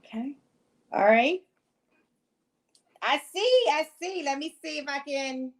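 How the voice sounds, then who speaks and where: High-voiced, gushing woman podcast host. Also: takes it slowly. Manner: gushing, excitable, upbeat. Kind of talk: casual podcast interview.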